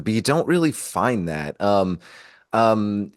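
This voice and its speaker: Deep-voiced man hosting, dry sound. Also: no echo. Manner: halting, many fillers, admiring questions. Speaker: podcast host. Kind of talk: casual interview.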